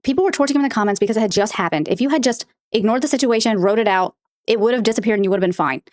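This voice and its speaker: A woman with a slightly high, darkish voice hosts a reaction video, recorded dry at studio quality. Her casual commentary on a podcast clip is blunt, exasperated, and rapid-fire.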